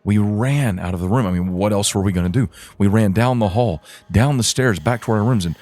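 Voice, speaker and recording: Man, very low voice, first-person spooky story, stumbles and repeats words for suspense. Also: a little mellow, no echo. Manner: halting, repeats words while building suspense. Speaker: podcast storyteller.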